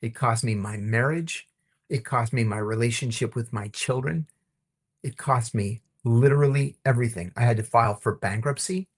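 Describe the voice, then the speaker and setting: A middle-aged man, a former intelligence officer, telling stories in an interview with a lively, wry delivery. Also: mid-range voice, normal speed, slightly rough. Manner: lively, wry, acts out the people in his stories. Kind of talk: animated storytelling in an interview.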